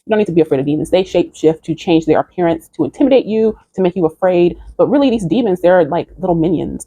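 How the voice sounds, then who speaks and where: A woman's voice: on the low side, mellow, breathy edge, no room sound. A woman earnestly recounting a dream in a spiritual vlog and urging listeners toward faith. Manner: earnest, preachy exhortation. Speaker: video creator.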